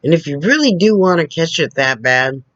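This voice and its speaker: A woman's voice: low-pitched, lively intonation, moderate pace, dry recording, highs cut off. A woman vlogger lecturing straight to the camera, repeating her points and checking in with "okay?", recorded on a computer camera two feet away. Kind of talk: direct-to-camera opinion rant.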